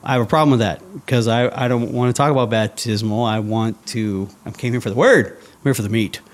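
A man's voice: medium pitch, brisk. A man in an interview, telling a personal story casually and acting out his own past thoughts. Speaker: interview guest.

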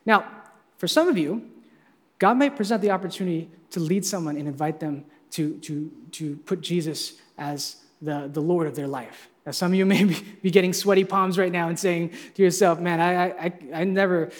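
A man preaching a sermon as pastor, energetic and playfully teasing his congregation. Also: on the high side, moderate pace, long reverb tail.

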